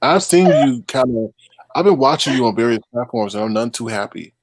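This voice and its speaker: A man's voice: mid-range voice, animated, fairly quick, dry recording. A man on a casual chat show who complains and needles the host in a bantering way.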